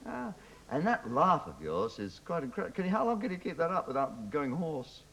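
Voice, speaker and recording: An older man hosting a TV talent show, trading quick self-mocking jokes with contestants in a studio. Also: on the high side, sing-song, vocal fry, a bit bright, slightly rough, low-quality recording. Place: TV studio with an audience.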